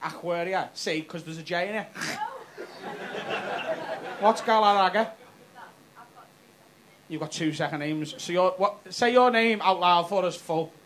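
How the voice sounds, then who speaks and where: Scouse comedian, high voice, cheeky sweary banter w the crowd, club noise all round. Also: male voice, measured pace, pauses often, a bit bright. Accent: Liverpool. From Liverpool, England. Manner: brash, sweary, teasing banter. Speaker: stand-up comedian. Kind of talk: stand-up crowd work. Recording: live club with audience noise.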